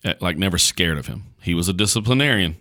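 A pastor chats on a casual podcast, telling stories in a folksy, animated way full of fillers and restarts. He has a low voice and a quick pace.

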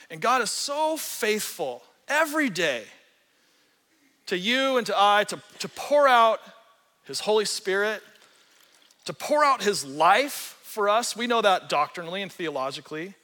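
A man pastor preaching a sermon in an animated, earnest storytelling way, acting out the quotes he tells. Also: high voice, unhurried, big-room sound.

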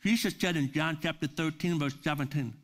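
Male pastor preaching, kinda high voice, earnest, punches the big words. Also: brisk. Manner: earnest, building to forceful emphasis on key words. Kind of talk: sermon. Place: church service.

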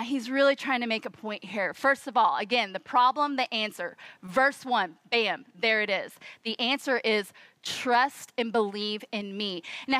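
A woman preaches a sermon in a bright voice that sits a little high. She is expressive and acts out the quoted voices as she tells the story. The sound is close and dry. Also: no echo.

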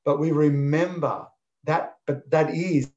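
A man preaching a sermon, emphatic and deliberate, driving points home with repetition. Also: on the high side, steady tone, darkish tone, muffled recording. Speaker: pastor.

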